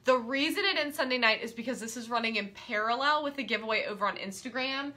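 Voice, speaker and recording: Excitable lady teaching quilting live, chatty and scattered, kinda high bright voice. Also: quick pace. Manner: bubbly, excitable, easily sidetracked. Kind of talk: live-streamed class chat.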